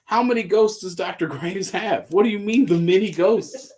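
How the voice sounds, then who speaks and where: A man's voice: high-pitched, normal speed, a little mellow. A man with a Southern American accent, hosting a live sale and chatting casually, joking as he reads out items. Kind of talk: casual live sales chat.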